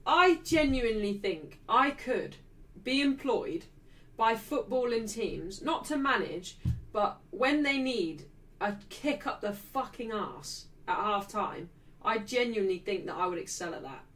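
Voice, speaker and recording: A woman's voice: fairly high pitch, sing-song, unhurried, recorded from a distance, poor audio. A woman hosting a football watchalong stream, ranting and swearing as she talks to her chat. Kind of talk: casual live-stream chat.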